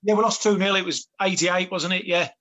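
A man's voice: high voice, fairly even intonation, brisk, sharp tone. A man, a former footballer chatting as a guest, rambling with many restarts. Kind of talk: casual chat.

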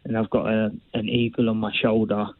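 Low, flat-voiced boxer on tinny line. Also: male voice, over a noisy crowd. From England. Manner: earnest, unhurried, explaining with fillers. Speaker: boxer, guest. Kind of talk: casual interview answers. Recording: dry, tinny phone-like sound.

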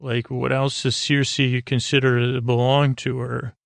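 A man hosts a casual podcast recap, retelling scenes in an offhand, meandering way full of fillers and false starts. His voice is gravelly and flat, with little rise and fall. The sound is dry and close. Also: mid-range voice, unhurried, dry recording. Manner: rambling, hesitant, many fillers and restarts; paraphrases dialogue in a flat offhand way. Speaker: podcast host.

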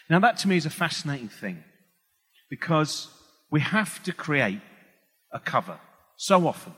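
A man's voice: a little high, sing-song, normal speed, pauses often, fairly bright tone, breathy edge. A middle-aged man giving a comic talk on stage. He rambles, breaks off mid-sentence, and acts out the voices of the people he quotes. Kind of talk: stand-up style public talk. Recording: long hall reverb.

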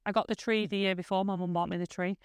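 A woman in her thirties with a northern English accent, hosting a casual podcast chat at home, talking quickly and swearing freely. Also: mid-range voice, fairly even intonation, clean tone, no echo, studio quality. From northern England. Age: 30s. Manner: fast, chatty, swears freely, laughs often. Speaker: podcast host. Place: living room at home.

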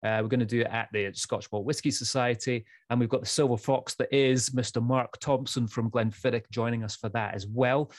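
A man's voice: mid-range voice, steady tone, fairly quick, few pauses, no echo. Male podcast co-host, chatty, stumbles over repeats, dry sound. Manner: chatty, repeats words when thinking. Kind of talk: casual chat.

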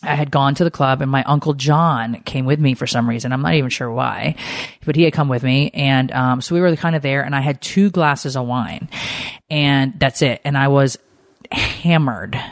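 A woman in her forties hosting a podcast, telling a long personal story in a chatty, animated way full of asides. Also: a bass voice, normal speed, dry recording, clean studio sound. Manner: chatty, animated, tells stories with lots of asides. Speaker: podcast host. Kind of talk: casual storytelling chat.

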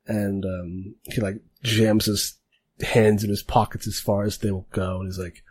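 A man narrating a tabletop game as game master, relaxed and rambling. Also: on the low side, measured pace, breathy edge, dry recording.

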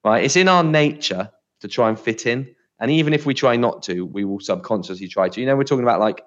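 A man's voice: medium pitch, expressive, quick pace, dull audio. A man co-hosting a podcast, chatting casually and explaining things with plenty of filler words. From United Kingdom. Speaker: podcast co-host.

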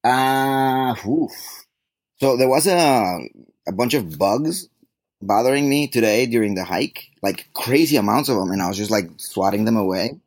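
A man's voice: mid-range voice, lively intonation, measured pace, dry recording. A middle-aged man hosting a podcast in casual, rambling chat, joking as he goes. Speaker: podcast host.

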